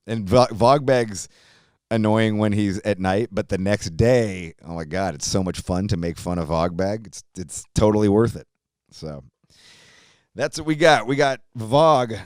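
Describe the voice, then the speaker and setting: A man's voice: on the low side, a little mellow, smooth, no echo, clean studio sound. A middle-aged man hosting a podcast, talking in a chatty, joking, laid-back way with slang like "dude" and "man". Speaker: podcast host. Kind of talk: casual podcast monologue.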